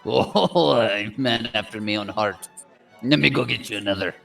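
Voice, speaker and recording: Un homme jouant un nain jovial à la voix graveleuse. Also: male voice, lowish voice, normal speed, fairly bright tone, faint music behind. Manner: jovial, boisterous.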